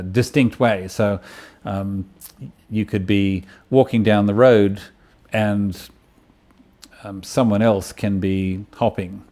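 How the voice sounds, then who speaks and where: A man giving a university lecture, halting often with ums and restarting his phrases. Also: on the low side, a little mellow.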